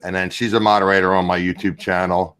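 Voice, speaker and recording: A man's voice: deep voice, flat delivery, fast, a bit bright, clean tone. A man hosting a casual livestream chat, rambling and chatty. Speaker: livestream host.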